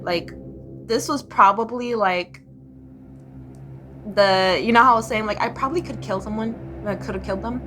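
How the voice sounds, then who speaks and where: A woman's voice: mid-range voice, measured pace, pauses often, over music. A young woman telling her life story to the camera in a blunt, profane way, now and then squealing her inner voice. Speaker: vlogger.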